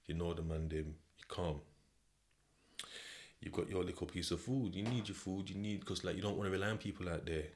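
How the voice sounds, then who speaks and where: Deep-voiced British man telling a story. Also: brisk, slight background noise. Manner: slang-heavy, conversational, repeats "do you know what I mean". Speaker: podcast host. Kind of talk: casual second-person storytelling.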